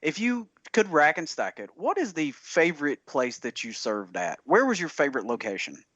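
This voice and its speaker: A man's voice: on the high side, sing-song, moderate pace, fairly bright tone, no room sound. A man hosting a casual podcast interview, upbeat and encouraging, laughing easily at his guest's stories. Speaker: podcast host. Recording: dull, slightly lo-fi audio.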